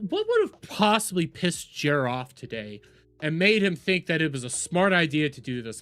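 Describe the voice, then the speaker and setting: Reaction streamer, mocking, profane, swooping lively pitch, bright tone. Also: moderate pace, no room sound, soft background music. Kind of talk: live reaction commentary.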